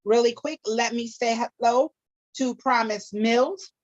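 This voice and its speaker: Chatty higher-voiced woman co-host. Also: a little slow, no echo, dull audio. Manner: chatty, laughs often, drops into playful foreign phrases. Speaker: co-host running a game segment. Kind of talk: casual live podcast chat.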